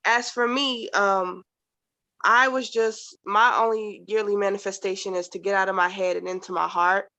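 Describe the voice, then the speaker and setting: A woman in a casual group chat, speaking thoughtfully and hesitantly, with many pauses. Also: medium pitch, steady tone, bright, forceful tone, no room sound, muffled recording. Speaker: participant.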